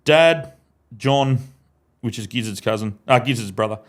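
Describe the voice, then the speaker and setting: A man's voice: medium pitch, unhurried. Sweary man spinning a yarn. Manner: sweary, laughing mid-sentence, animated yarn-spinning. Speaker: podcast guest. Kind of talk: casual storytelling. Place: podcast studio.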